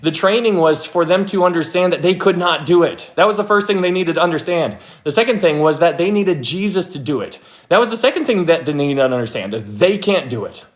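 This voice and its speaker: A young man with a fairly high voice walks through scripture in an easygoing, chatty way. He leans on fillers and restarts, then livens up as he plays out everyday scenes. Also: brisk, hardly any pauses. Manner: informal, many fillers like "like" and "you know", animated when acting out scenes. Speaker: Bible teacher. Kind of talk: casual Bible study talk.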